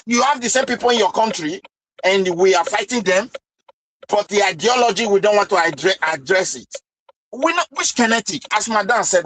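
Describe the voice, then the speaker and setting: A man's voice: high-pitched, fairly bright tone, no echo, poor audio. A man in a casual discussion, arguing passionately and firing off rhetorical questions.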